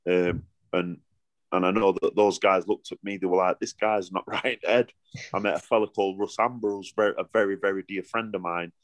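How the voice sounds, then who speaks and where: A man's voice: low voice, steady tone, fairly quick, no echo. A middle-aged man with a Yorkshire accent, a boxer telling stories in a casual interview, rambling with lots of restarts and broad dialect.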